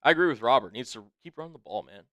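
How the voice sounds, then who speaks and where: A man co-hosting a casual sports live stream, upbeat, shouting out chat names and urging viewers to subscribe. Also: medium pitch, animated, racing, no room sound, studio quality.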